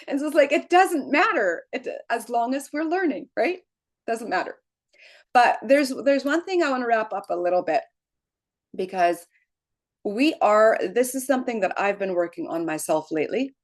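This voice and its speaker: A middle-aged woman speaks to her team in an easygoing, encouraging way. She talks conversationally, checks in with a quick "right?" and laughs often. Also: fairly high pitch, expressive. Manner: encouraging, frequent "right?" tags, laughs easily. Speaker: team leader. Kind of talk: motivational team call.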